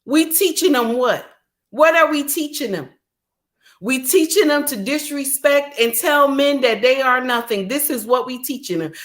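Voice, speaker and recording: A woman's voice: high-pitched, a little slow. A middle-aged woman, delivering an indignant, preachy ranting monologue full of repetition. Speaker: commentator.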